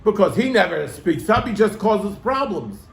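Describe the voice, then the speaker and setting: Animated storytelling rabbi, high voice. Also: male voice, moderate pace, gravelly, roomy sound. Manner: animated, acts out quoted voices. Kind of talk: storytelling to a congregation.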